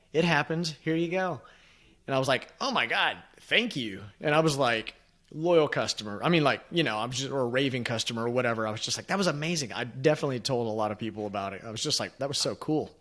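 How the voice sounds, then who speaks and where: A man co-hosting a podcast in an easygoing, casual way. He laughs often, swears in passing, and rambles a little through his anecdote. His voice sits at a middle pitch. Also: a bit bright. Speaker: podcast co-host. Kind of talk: casual chat.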